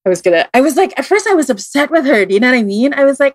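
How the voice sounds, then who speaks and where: Racing through her story, a Filipino-accented woman guesting on a podcast as a tarot reader speaks casually, with plenty of fillers and restarts. She acts out the voices she quotes in an animated way with big pitch leaps, and there's no echo.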